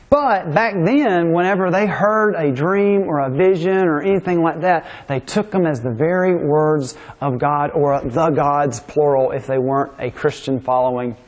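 A preacher explains scripture in an informal, chatty sermon and keeps checking in with "right?". His voice sits fairly high for a man. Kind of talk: conversational sermon.

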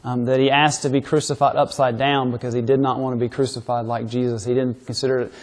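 A man's voice: mid-range voice, flat delivery, quick pace. A man preaching a sermon, asking his listeners rhetorical questions and reading scripture aloud.

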